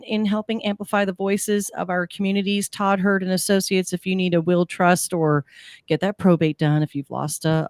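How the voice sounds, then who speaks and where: A woman's voice: fairly low pitch, dry recording, clean studio sound. A woman co-hosting a casual morning community radio show, rambling with fillers and restarts. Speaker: radio co-host.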